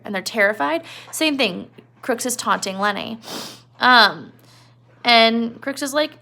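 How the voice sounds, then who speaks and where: A woman's voice: on the high side, expressive, moderate pace, gravelly, bright, forceful tone. A woman teacher giving a casual literature lesson, explaining in a chatty way with many fillers.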